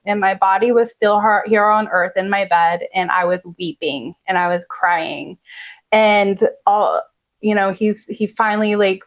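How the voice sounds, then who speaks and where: A woman's voice: mid-range voice, highs cut off. Earnest woman telling a heartfelt story. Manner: earnest, heartfelt, with many "like" fillers. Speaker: podcast guest. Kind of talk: personal storytelling.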